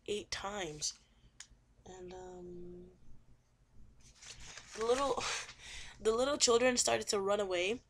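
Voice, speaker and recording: A young woman casually retelling a novel chapter in a chatty, rambling way, full of fillers and repeats. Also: medium pitch. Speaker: student summarizing a novel chapter. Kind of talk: casual spoken book summary.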